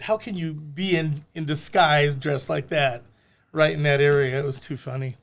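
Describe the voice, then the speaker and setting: A man's voice: fairly high pitch, moderate pace, gravelly. An older man, a former bail bondsman, telling stories in a casual podcast chat and acting out the voices of people in them. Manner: animated, acts out voices in his stories.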